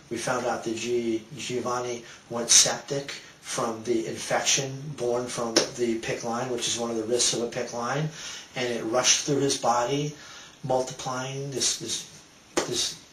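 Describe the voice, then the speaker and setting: Man, mid-pitch, halting and emotional storyteller, distant mic, roomy reverb. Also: fairly even intonation, background noise. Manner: emotional, halting retelling with repeated restarts. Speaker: speaker telling a personal story. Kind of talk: personal storytelling talk.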